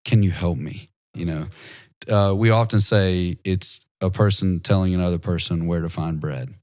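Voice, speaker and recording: A male podcast host with a very deep voice. He speaks in a measured, reflective way and gives advice in casual conversation. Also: darkish tone.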